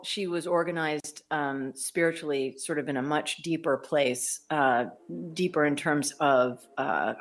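Woman, low voice, enthusiastic, laughs easily, podcast guest. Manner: chatty, enthusiastic, laughs often. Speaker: voice actor guest. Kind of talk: casual podcast interview.

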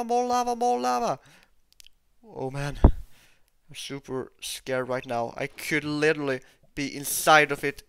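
A gameplay video host commenting on their play, excitable, repeating exclamations and talking straight to viewers. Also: medium pitch, vocal fry, clear, resonant tone, dry recording.

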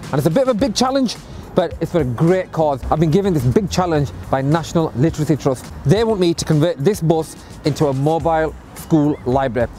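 Chatty guy vlogging outside by a bus, talks super quick, fairly high mellow voice. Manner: upbeat, chatty, quick-talking. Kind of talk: casual vlog talk to camera. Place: outdoors beside a bus.

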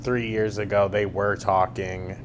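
Deep-voiced mocking male commentator. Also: little pitch movement, measured pace, background noise. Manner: crude, mocking, heavy swearing. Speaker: commentary host. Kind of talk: sarcastic reaction commentary.

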